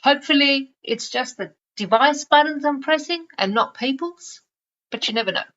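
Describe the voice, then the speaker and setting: A woman's voice: high-pitched, animated, normal speed, a bit bright, highs cut off. A woman hosting a solo podcast, chatty and lightly sarcastic, talking straight to the listener. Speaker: podcast host.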